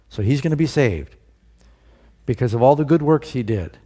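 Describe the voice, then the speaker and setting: A man's voice: mid-range voice, darkish tone. A male pastor preaching a sermon, putting rhetorical questions to his listeners and stressing key words.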